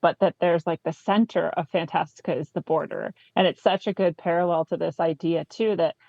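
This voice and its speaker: A low-pitched woman with a gravelly edge to her voice, talking eagerly through a book as co-host. Her voice sounds dry and close, on a dull, lo-fi recording. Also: a little fast, a little mellow, no room sound. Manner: enthusiastic, frequent "right?" asides. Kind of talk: casual book discussion, reading passages aloud.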